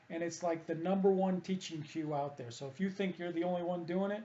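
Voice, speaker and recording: A man rants on about baseball coaching, combative and repetitive, in a fairly high but mellow voice. He hammers the same points again and again. The audio is dull and lo-fi. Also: brisk, hardly any pauses. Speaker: hitting coach and columnist. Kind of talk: opinionated monologue.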